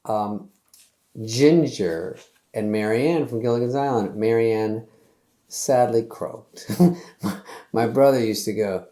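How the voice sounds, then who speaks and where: A man's voice: lowish voice, takes it slowly, long pauses, mellow, reverberant. A middle-aged man hosting, delivering a loose, sarcastic comedy monologue that acts out little quotes in other voices. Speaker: host.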